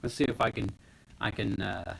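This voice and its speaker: A man's voice: lowish voice, fairly even intonation, normal speed, creaky, breathy edge, poor audio. A man casually rambling to viewers on a live stream from home, talking into his phone. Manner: rambling, talks to viewers while fiddling with gear.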